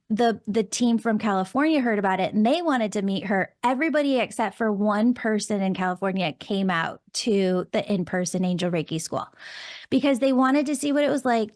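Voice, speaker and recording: A woman's voice: mid-range voice, dry recording. Bubbly woman podcast host, dry close sound. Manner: enthusiastic, gushing, lots of "like" and "oh my God". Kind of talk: casual storytelling chat.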